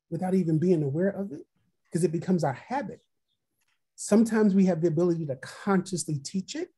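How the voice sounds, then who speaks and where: Warm, slightly rough, and medium in pitch, the voice belongs to a workshop trainer running an online training session via video call. The trainer asks reflective questions, repeats them, and reads participants' chat replies out loud.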